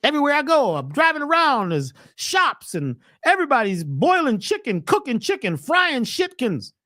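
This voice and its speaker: Animated woman preaching with rhetorical questions. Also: sits high, brisk, no room sound, clean studio sound. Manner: slangy, emphatic. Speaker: host, wellness speaker. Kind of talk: preachy monologue.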